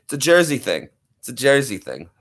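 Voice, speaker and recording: A man's voice: mid-range voice, wildly swooping pitch, fairly quick, a bit bright. A young man, a streamer, chatting casually with viewers and thanking them effusively. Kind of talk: casual livestream chat.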